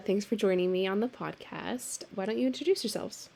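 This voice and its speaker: A woman's voice: mid-range voice, brisk, gravelly, hardly any pauses, music in the background. A woman who is a doula and hosts a podcast, giving a friendly intro and then asking loose, casual questions.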